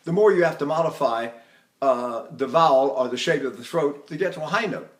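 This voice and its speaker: An older man who teaches voice is lecturing on vocal technique, speaking expressively at a moderate pace. He keeps pausing to sing brief demonstration phrases and syllables, sometimes jumping into a high falsetto.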